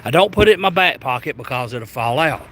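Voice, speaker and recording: A Southern US man spins a travel tale for his vlog, rambling and stumbling over his words as he goes. His voice sits at an ordinary middle pitch, with faint vehicle noise humming behind him. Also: fairly quick. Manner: animated, rambling, stammering restarts. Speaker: travel vlogger. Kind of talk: casual storytelling.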